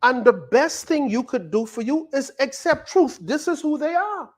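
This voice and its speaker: Bahamian male pastor, emphatic sermon delivery, very lively pitch. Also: moderate pace. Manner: animated, emphatic preaching with rhetorical questions.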